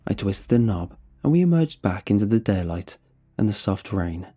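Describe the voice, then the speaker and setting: A man narrating a horror story in a measured, dramatic way. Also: lowish voice, very animated, mellow, husky, soft background music.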